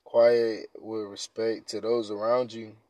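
A man hosting a casual podcast, reading quiz questions aloud and reacting in profane slang, dropping to mumbles and then bursting out loud. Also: fairly low pitch, little pitch movement, takes it slowly, no echo. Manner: laid-back, profane slang, swings from mumbling to loud outbursts. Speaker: podcast host.

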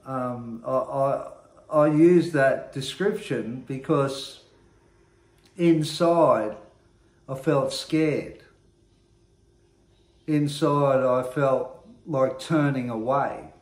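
A man earnestly sharing his own recovery story, reflective and often pausing to search for words. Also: mid-range voice, darkish tone. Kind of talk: personal testimony monologue. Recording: roomy echo.

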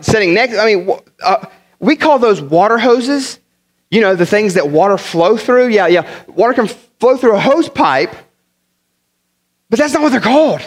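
Animated, joking man preaching a sermon. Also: high-pitched. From northern United States. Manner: animated, humorous storytelling with many repeated words. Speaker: pastor.

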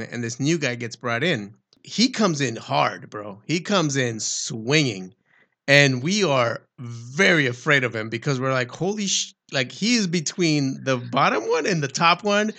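A man casually telling a lively, profane story with frequent laughter. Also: medium pitch. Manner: animated, swearing, laughs while telling stories. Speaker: former Marine recruit.

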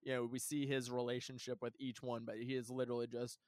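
A man's voice: medium pitch, little pitch movement, quick pace, a little mellow, no room sound. Guy rambling about a movie, lots of likes, dead dry mic. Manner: chatty, filler-heavy, laughs often. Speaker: podcast co-host. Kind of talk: casual chat about a film.

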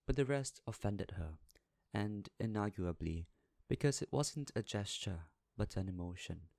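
A man with a low voice narrates a classic novel in a measured, even reading. The sound is dry and close, with no room around it. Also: vocal fry, no echo. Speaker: audiobook narrator. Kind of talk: scripted narration.

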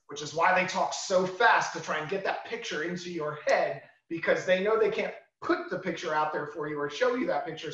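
A fairly high-voiced man explains sales ideas to a class, circling back to repeat his main phrases. His voice sounds roomy and lo-fi, as on a video call. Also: a bit bright.

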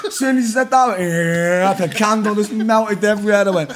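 A man in his thirties with a Manchester accent, telling rowdy stories on a podcast, animated and laughing as he acts out voices. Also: high-pitched, quick pace, hardly any pauses, a crowd in the background. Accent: Mancunian. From Manchester, England. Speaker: podcast guest, rapper. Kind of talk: casual storytelling chat.

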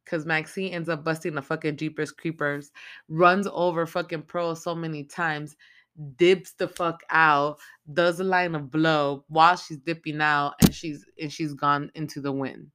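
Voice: mid-range voice, normal speed. Foul-mouthed, rambling podcast host recapping a film. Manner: heavy swearing, rambling and excitable. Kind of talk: casual movie recap.

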